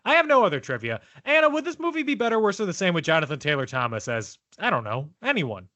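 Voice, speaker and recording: Lively bright-voiced podcast co-host man. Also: high-pitched, fast talker, dry recording. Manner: reads trivia, playful and teasing. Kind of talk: casual chat.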